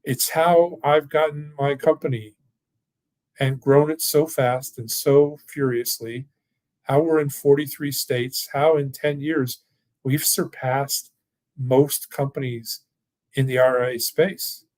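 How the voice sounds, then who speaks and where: With a medium-pitched, darkish voice, steady in tone and slow in pace, a man who owns a financial firm runs a casual webinar with live questions. It's an online workshop from a home or office with no echo, and he's enthusiastic, rambling, and folksy.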